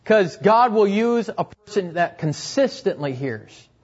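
Earnest young preacher, dull lo-fi sound. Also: male voice, high-pitched, expressive, a little slow, husky. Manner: earnest, repeats key phrases, voice drops at ends of points. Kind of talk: sermon. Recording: dull, lo-fi recording.

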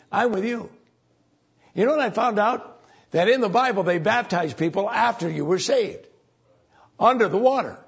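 A man preaching a sermon in a gravelly, husky voice that sits a little high. His delivery is folksy and conversational and often leaps up for emphasis. The recording sounds muffled and lo-fi, like an old church tape.

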